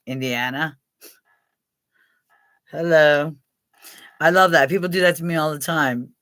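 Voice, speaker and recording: A woman's voice: low-pitched, measured pace, fairly bright tone, no echo. An older woman from Pennsylvania hosting a casual live chat with her viewers, rambling, swearing freely and laughing often. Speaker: live stream host.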